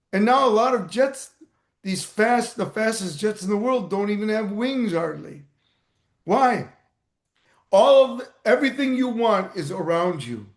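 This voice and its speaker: A man giving an energetic motivational talk on a video call, stressing and repeating his key points. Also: sits high, reverberant. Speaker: motivational speaker and mentor.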